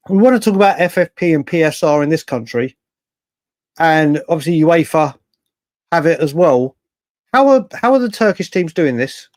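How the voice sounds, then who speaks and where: A man's voice: a little high, no room sound, clean studio sound. Chatty man hosting a late-night stream. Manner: chatty, rambling, restarts often, reacts to chat. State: hiccups. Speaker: livestream host. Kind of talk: casual live-stream chat reading comments.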